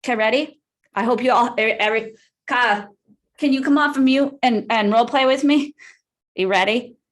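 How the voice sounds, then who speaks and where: A woman's voice: a little high, normal speed. A woman leading a live real estate training call, upbeat and peppering the group with "right?" as she talks.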